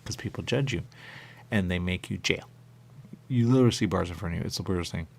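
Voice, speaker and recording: A confused ghost of a dead man, put on by a man rambles in circles, repeating words and trailing into whispers. The voice sits very low with a gravelly rasp. It comes across as improvised comedy. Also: fast talker, slight background noise. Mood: rambling. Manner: rambling, repetitive, drifting into whispers.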